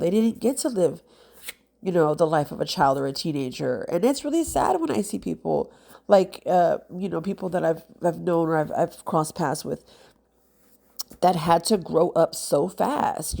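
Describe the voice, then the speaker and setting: A woman's voice: lowish voice, vocal fry, dark tone. A woman, a mother, talking casually and heartfelt to camera as a nail vlogger, rambling with many fillers and sounding congested. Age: adult with children.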